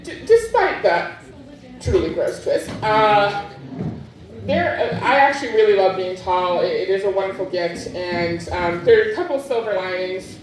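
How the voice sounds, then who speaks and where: A woman performing a stand-up comedy set on a club stage with a deadpan, crude delivery. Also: medium pitch, normal speed, recorded from a distance. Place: club stage before a laughing crowd. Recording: echoey club, mic heard from afar.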